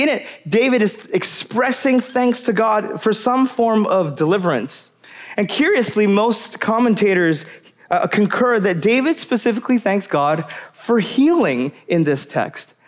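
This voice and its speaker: A man preaching a sermon as pastor, earnest and repeating key phrases for emphasis. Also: sits high.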